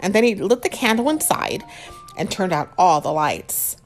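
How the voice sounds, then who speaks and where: A woman's voice: medium pitch, very animated, moderate pace, faint music behind. A woman reading a storybook aloud to children and asking them questions between pages. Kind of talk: bedtime-style storybook reading with chat.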